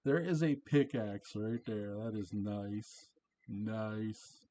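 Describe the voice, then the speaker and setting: A man's voice: lowish voice, slow pace, warm tone. A man casually recapping a TV episode, chatty and laughing often, quoting lines in passing. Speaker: show reviewer.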